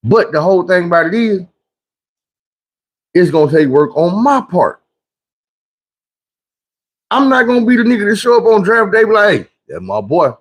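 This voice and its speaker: A man hosting a livestream, telling stories in a casual, preachy way, full of cursing, swinging between loud bursts and low mutters. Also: normal speed, long pauses. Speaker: livestream host. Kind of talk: casual livestream monologue and storytelling.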